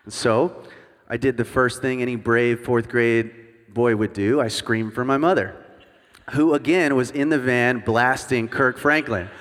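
Speaking a little slowly, a man in his thirties gives a sermon as a guest worship pastor, blending personal anecdotes with jokes at his own expense. His voice is mid-pitched and a bit bright, and the large church sanctuary adds a long reverb before the congregation.

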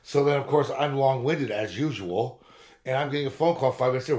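A man's voice: mid-range voice, brisk, darkish tone. A man in his fifties on a podcast, telling long, rambling, profane stories in casual chat. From Southern California. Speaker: podcast co-host.

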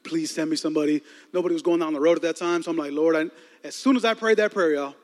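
This youth pastor's voice is a little high and racing as he tells a funny, energetic story mid-sermon. The large church auditorium gives a long, hall-like reverb, and his storytelling is animated and lively, with laughter.

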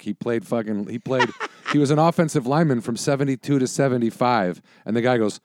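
A man's voice: medium pitch, fairly quick, slight background noise. A man in his forties chatting casually, telling rambling, profane stories full of restarts. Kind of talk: casual chat.

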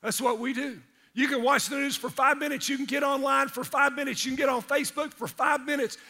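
A male pastor, preaching energetically in church and breaking into shouted asides. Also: very high-pitched, fairly even intonation, a little fast. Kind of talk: sermon.

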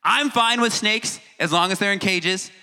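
A man's voice: high-pitched, normal speed, pushed and bright, clean tone, faint music behind. A man giving a casual, joking talk to a teen audience, acting out reactions and stumbling over long words. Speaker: youth speaker. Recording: hall reverb.

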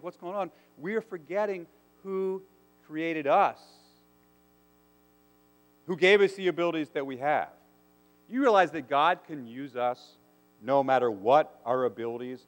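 A man preaching a sermon, earnest and asking his listeners questions. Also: fairly high pitch. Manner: earnest, asks the congregation rhetorical questions. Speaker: pastor. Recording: long hall reverb.

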